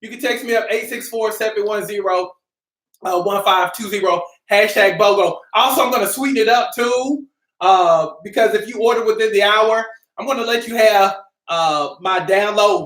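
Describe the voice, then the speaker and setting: A woman hosting a casual live stream, upbeat and greeting her viewers by name, sometimes calling out loudly. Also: fairly high pitch, normal speed. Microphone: camera mic. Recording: roomy echo.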